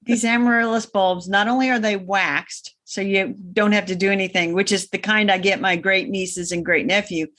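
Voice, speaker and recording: Female co-host who spins meandering anecdotes with dry humor, middle-pitched voice. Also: fairly even intonation, moderate pace, hardly any pauses, fairly bright tone. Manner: rambling storyteller, wry. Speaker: gardening podcast co-host. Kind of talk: casual chat.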